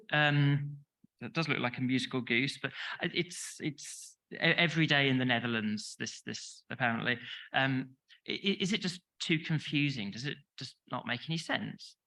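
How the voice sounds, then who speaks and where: A man's voice: a little high, sharp tone, rough recording. A man with a London accent gives a chatty, self-deprecating conference talk, short on sleep and full of restarts. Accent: London English. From England. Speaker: conference speaker. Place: conference hall.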